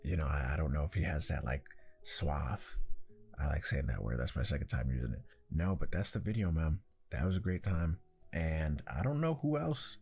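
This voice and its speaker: This man's voice sits very low, and he keeps his talk loose, slangy and profane as he reacts to an anime. His delivery is animated and he breaks into laughs often. Faint music plays underneath him. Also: a little fast, creaky. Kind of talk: casual reaction commentary.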